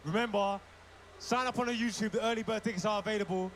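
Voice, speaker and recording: A very high-voiced man hosts a rap battle, shushing the crowd and firing off quick announcements. He sounds distant from the mic, with faint room ambience behind him. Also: fairly even intonation, slight background noise. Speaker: rap battle event host.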